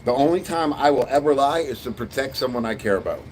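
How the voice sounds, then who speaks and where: A man's voice: medium pitch, lively intonation, quick pace, darkish tone, slight background noise. A man chatting bluntly and profanely while streaming a Lego build. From Canada. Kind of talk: casual live-stream chat.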